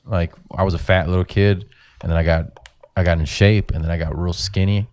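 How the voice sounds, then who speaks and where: A man's voice: low-pitched, steady tone, a little fast, a little mellow. A comedian in his forties chatting casually on a podcast, telling profane stories and breaking into mocking voices of people he quotes. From Mexican-American. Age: 40s. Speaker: comedian guest.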